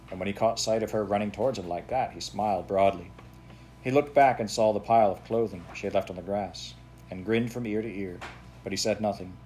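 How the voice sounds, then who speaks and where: A man narrating a children's classic aloud in a steady, plain storytelling manner. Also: fairly low pitch, slight background noise. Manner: steady, plain storytelling with a few self-corrections. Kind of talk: audiobook reading of a children's classic.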